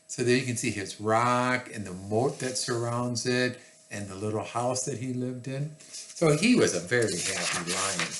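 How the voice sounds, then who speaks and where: A man reading a picture book aloud to children, slow and expressive with chatty asides. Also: medium pitch, roomy sound, a little hiss or hum.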